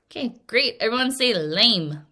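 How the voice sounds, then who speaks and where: A young woman teaching English vocabulary in a recorded lesson. She speaks clearly and acts out little scenes with playful voices. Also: a little high, animated, pushed and bright. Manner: clear, deliberate word-by-word teaching delivery.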